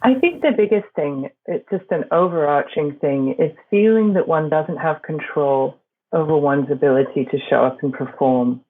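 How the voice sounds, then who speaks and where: A woman's voice: sits low, normal speed. A woman voice and performance coach, a guest in an interview, explaining her work in a reflective way with examples. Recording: phone-like remote line.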